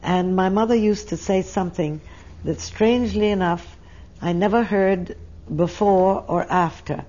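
A woman's voice: medium pitch, unhurried, warm tone, muffled recording. Older woman recalling her life story. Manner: reflective, emotional storytelling. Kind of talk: oral history interview.

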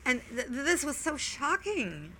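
An older woman, an interview guest, recounting memories in a reflective, halting way. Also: sits high, very animated, noisy background. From Wilmington, Delaware, US. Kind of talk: oral history recollection.

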